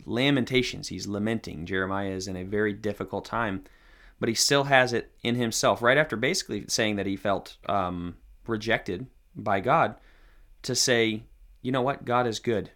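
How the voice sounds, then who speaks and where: Podcast co-host, man, lowish voice, thoughtful and measured. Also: a bit bright. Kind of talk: casual Christian podcast discussion.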